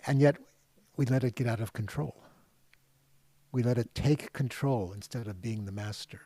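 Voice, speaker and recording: A man, a guest author, telling a story with light humor in a relaxed talk. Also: mid-range voice, no echo. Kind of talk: storytelling talk on a video call.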